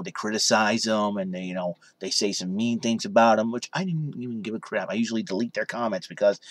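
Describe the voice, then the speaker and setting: Rambling young man vlogging, lively pitch. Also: no echo. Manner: rambling, full of "you know". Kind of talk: casual vlog chat. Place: his room in his parents' basement.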